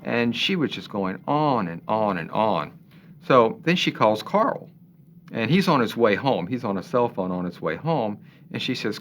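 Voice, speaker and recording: A man's voice: fairly low pitch, expressive, moderate pace, a little hiss or hum. A man who worked as a police investigator, recounting the case in a conversational interview and acting out what people said. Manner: conversational, retelling with quoted voices and small laughs. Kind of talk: interview recollection.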